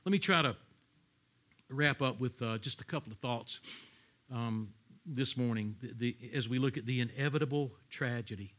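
A man preaching a sermon, explaining scripture in an animated way and acting out voices with sudden loud outbursts. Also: medium pitch, normal speed. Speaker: pastor.

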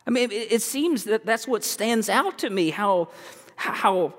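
Male pastor, high voice, earnest sermon delivery with frequent restarts, church hall reverb. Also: lively intonation. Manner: earnest, halting with many repeated words.

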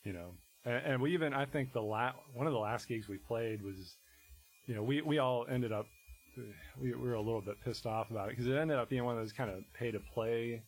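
A man, a musician guest in casual conversation, talking in a rambling, halting way full of restarts and fillers. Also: mid-range voice, a little hiss or hum, rough recording.

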